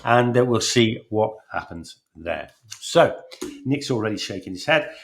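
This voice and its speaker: A man's voice: on the low side, animated, a little slow. A man hosting a sports podcast, chatty and jokey, with many fillers and restarts. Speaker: podcast host. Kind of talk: casual sports podcast chat.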